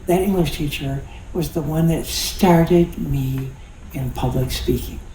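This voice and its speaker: A man's voice: fairly high pitch, measured pace, mellow, slight background noise. A pastor in his sixties preaching a sermon in a folksy, conversational way, with jokes and laughter. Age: 60s. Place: church sanctuary. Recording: echoey church hall.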